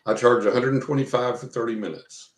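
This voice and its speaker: A man's voice: mid-range voice, steady tone, fast. Folksy older man in a roomy echo. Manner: folksy and chuckling, acts out quoted dialogue. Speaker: guest psychic. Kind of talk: casual interview chat.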